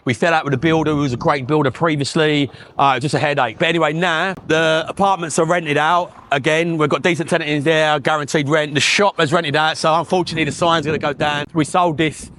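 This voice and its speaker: A man's voice: on the high side, fairly even intonation, quick pace, few pauses, fairly bright tone, a little hiss or hum. A man with a Northern English accent giving a casual walking-tour vlog about his properties, blunt and chatty, telling stories and swearing now and then. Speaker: property investor vlogger. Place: outdoors on a street.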